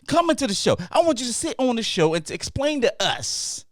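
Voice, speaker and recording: A man's voice: very high voice, very animated, fairly quick, dry recording, clean studio sound. A man hosting a casual podcast chat, ranting emphatically and repeating his lines for effect as he riffs with his co-hosts around a table. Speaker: podcast host.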